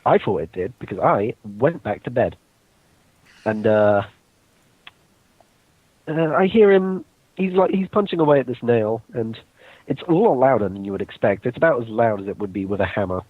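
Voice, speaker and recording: A man's voice: mid-range voice, animated, moderate pace, pauses often, no echo. Young guy rambling through a story, swears a lot, dry dull lo-fi audio. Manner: laid-back, swears casually. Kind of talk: casual storytelling among friends. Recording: dull lo-fi recording.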